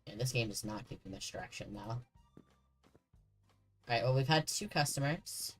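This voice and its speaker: A man's voice: medium pitch, normal speed, soft background music, poor audio. A man streaming a horror game, chatting casually and joking with the characters on screen. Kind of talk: casual gameplay commentary.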